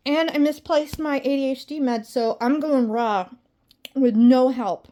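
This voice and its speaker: A woman's voice: high voice, a little slow, mellow. A woman vlogging at home in a rambling, self-deprecating, exasperated way. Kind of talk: casual personal vlog.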